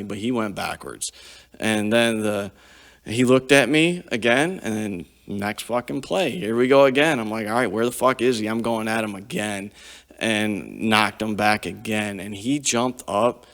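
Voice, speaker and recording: Speaking unhurriedly in a lowish, slightly bright voice, this forties-aged podcast guest shares profane, vivid army tales, peppered with frequent curses, in a relaxed storytelling style. Long hall reverb colors the audio.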